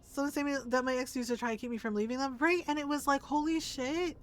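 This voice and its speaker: A woman's voice: sits high, steady tone, fast. A woman streamer in casual commentary, ranting emphatically and swearing a lot. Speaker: game streamer.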